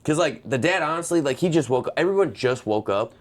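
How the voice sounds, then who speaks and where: A man's voice: on the high side, animated, fast. A man co-hosting a casual movie review podcast, retelling the plot and acting out the characters' lines. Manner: retells plot, acts out characters, drops to a hush. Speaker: podcast co-host.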